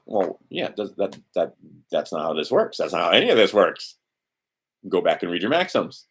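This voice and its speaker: A man hosts a livestream, rambling bluntly and casually, occasionally swearing and muttering to himself as he scrolls through documents. His low voice has a sing-song quality and a slightly rough texture, moving at normal speed with frequent pauses.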